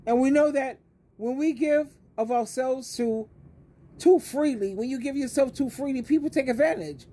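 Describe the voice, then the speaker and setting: Older woman, advice coach monologue, emphatic, preachy, repeats words for stress, higher pitched, warm dark tone. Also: normal speed. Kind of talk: direct-to-camera monologue.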